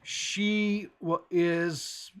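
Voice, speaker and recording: Male podcast host with a somewhat high voice, loose meandering storyteller. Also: fairly even intonation, extremely slow, a bit bright, clean tone. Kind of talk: casual podcast chat.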